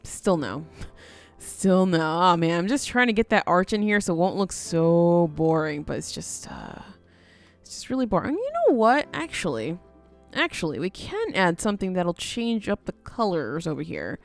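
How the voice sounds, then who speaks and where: A woman commentates on her building game in a chatty, playful way and jokes with herself as she goes. Her pitch sweeps up and down with lively ups and downs. Soft music plays faintly behind her. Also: moderate pace, creaky. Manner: chatty, self-talking, playful, jokey. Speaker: gaming video host.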